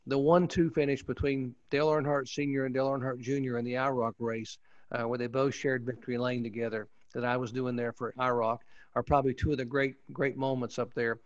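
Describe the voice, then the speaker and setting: A man's voice: mid-range voice, no echo. Former pit reporter, male, eager storyteller, dull muffled audio, dry sound. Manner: enthusiastic, rambling with restarts. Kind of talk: casual storytelling interview.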